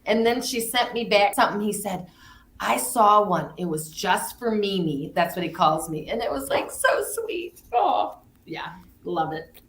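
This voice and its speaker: A woman's voice: mid-range voice, lively intonation, normal speed, vocal fry, fairly bright tone. A gushing older woman reads cards casually and draws out her key words. Her voice rings in a roomy space, with a faint hiss behind it. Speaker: card reader co-host. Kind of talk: casual live card reading. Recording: roomy, faint background noise.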